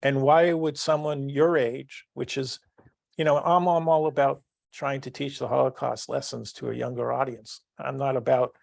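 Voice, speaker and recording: A man's voice: medium pitch, flat delivery, moderate pace, vocal fry, no echo. A man in his sixties hosting a podcast interview, asking long rambling questions full of restarts. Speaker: podcast host. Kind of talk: casual interview.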